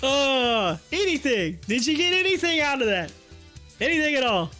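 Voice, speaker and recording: A man hosting a casual live stream. He reads out viewer comments, talks in an animated way and laughs often. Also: very high-pitched, normal speed, soft background music. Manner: animated, laughs often, drawls on his words. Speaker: livestream host. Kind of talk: casual livestream chat reading viewer comments.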